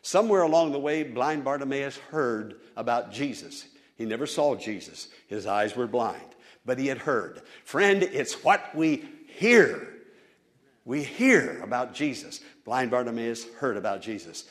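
Fervent preacher man, lively pitch. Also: measured pace. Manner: fervent, rising to loud emphatic appeals. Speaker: pastor. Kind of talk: sermon.

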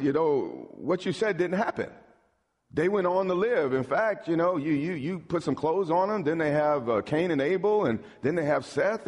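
A middle-aged man preaches with a husky edge to his voice and a widely swinging, animated delivery. He stammers and repeats words, then drives home his points by tossing questions to the congregation. His voice rings out with the long reverb of a large sanctuary. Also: mid-range voice. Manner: call-and-response preaching, stammering repeats, emphatic. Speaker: pastor. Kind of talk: sermon.

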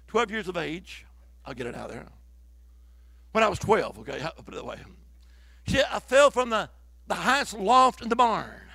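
A male preacher, telling stories in a sermon, moving between loud declarations and hushed whispers in church. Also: sits high, vocal fry, dry recording.

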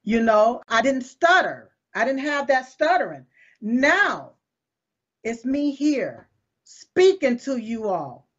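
A woman's voice: on the high side, big pitch swings, slow, husky. A woman, hosting a live show and talking to viewers in an emphatic, repetitive, folksy preaching cadence. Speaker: show host. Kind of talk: casual talk to viewers. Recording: dull lo-fi stream audio.

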